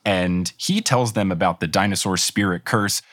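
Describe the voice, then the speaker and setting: A man's voice: low voice, moderate pace, a bit bright, dry recording, studio quality. A man hosting a playful podcast game, recapping cartoon mysteries in a chatty, joking way and often breaking into giggles. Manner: giggly, chatty, jokey storytelling. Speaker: game show host.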